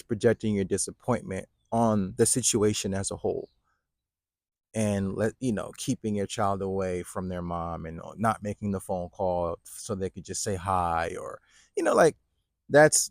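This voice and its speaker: Low-voiced man giving dad advice. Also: darkish tone, no room sound, clean studio sound. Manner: conversational, many fillers like "right?" and "like". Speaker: fatherhood coach. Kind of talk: casual talking-to-camera advice.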